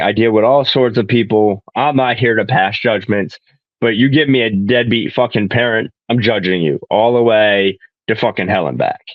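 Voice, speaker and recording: A low-voiced man hosts a podcast in easygoing chat, blunt and quick to swear. His sound is dry and slightly dull, like a modest lo-fi mic. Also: no echo. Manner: blunt, profane, laughs a lot. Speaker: podcast host. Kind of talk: casual interview chat.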